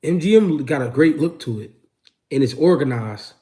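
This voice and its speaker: A man's voice: a little high, expressive, normal speed, dark tone. A man hosting a casual livestream, answering chat questions and telling street stories in a slangy, laid-back way. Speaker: host.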